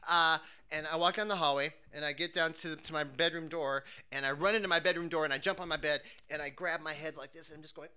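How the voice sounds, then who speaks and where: A man's voice: a little high, moderate pace, pushed and bright. A man telling a funny personal story, acting out the scenes with cries and screams.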